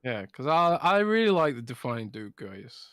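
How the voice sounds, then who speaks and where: A man's voice: mid-range voice, sing-song, moderate pace, a bit bright, clear, resonant tone, dry recording, studio quality. A man co-hosting a casual podcast chat, drunk and slurring his words, talking in a loose, rambling, sweary way. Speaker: podcast co-host.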